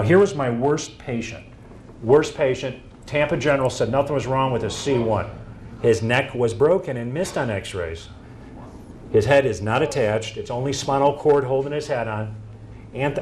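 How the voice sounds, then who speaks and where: A man giving a presentation to an audience, telling stories and acting out quoted dialogue in an animated way. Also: medium pitch, slight background noise.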